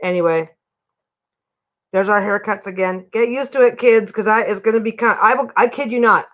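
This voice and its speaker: A woman's voice: medium pitch, moderate pace, a bit bright, dull audio. A woman hosting a casual livestream chat from her home, rambling and often breaking off mid-sentence. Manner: rambling, self-interrupting, chatty. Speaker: livestream host.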